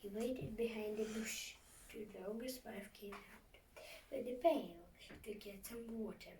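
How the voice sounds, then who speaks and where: A woman reading a fairy tale aloud, often in a hushed whisper, with a dramatic manner. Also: a little high, fairly even intonation, measured pace. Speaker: storyteller. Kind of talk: storybook narration, often whispered. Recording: echoey room, far from mic, faint hiss.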